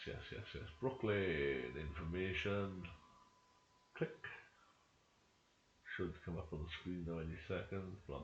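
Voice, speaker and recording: A man's voice: low voice, a little hiss or hum. A man chatting casually to friends while playing a roleplay game, rambling and mumbling to himself as things load. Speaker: gaming streamer. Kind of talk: casual chat while gaming. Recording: echoey room, dull lo-fi sound.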